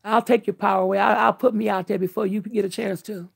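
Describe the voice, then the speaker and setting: A woman's voice: medium pitch, fairly even intonation, fast talker, creaky, breathy edge, no echo. An older woman talking candidly to her viewers in an earnest, emphatic, outspoken way. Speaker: vlogger.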